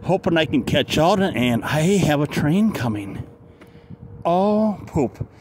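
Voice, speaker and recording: Slow-talking man trackside outdoors. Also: a little high. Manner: slow, muttering to himself, excited exclamations. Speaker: vlogger, train hopper. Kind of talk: casual handheld vlog narration. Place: outdoors by railroad tracks in a city. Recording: outdoor noise of passing trains. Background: passing freight train and city ambience.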